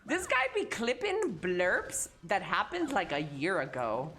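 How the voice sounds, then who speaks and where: Animated, foul-mouthed woman streamer. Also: lowish voice, a little slow. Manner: profane, teasing, talks to chat. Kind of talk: casual live-stream chat.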